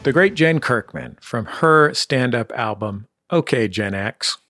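A man hosting a radio show, presenting in a relaxed, friendly way. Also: medium pitch, measured pace, music in the background. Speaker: radio host.

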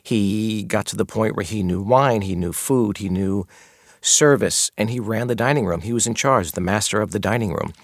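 A man with a lowish voice tells candid stories from his years running dining rooms, slipping into the voices of guests and staff. The sound is dry and close, like a studio microphone. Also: normal speed, no room sound. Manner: candid storyteller, acts out customer exchanges. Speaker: guest, restaurant maitre d'. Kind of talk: radio interview conversation.

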